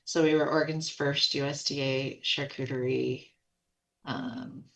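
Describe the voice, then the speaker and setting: A woman in her forties, a podcast guest, telling a casual story in an animated way, quoting others and laughing often. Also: very deep voice, measured pace. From United States. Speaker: podcast guest, food company co-founder.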